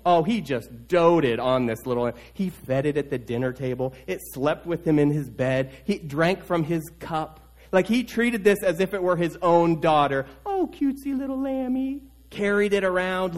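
Casting: lively male preacher, slightly high voice, storytelling sermon style with repetitions. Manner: animated storytelling, repeats key words. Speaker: pastor.

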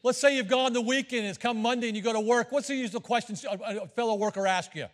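A man's voice: very high-pitched, quick pace. A middle-aged man preaching a sermon as a visiting missionary, folksy and joking with the congregation. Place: church sanctuary. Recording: long reverb of a church hall.

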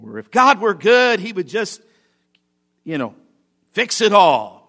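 A man preaching mimics a sneering male devil whispering doubts in a high, loud, mocking voice. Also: big pitch swings, takes it slowly, heavily acted.

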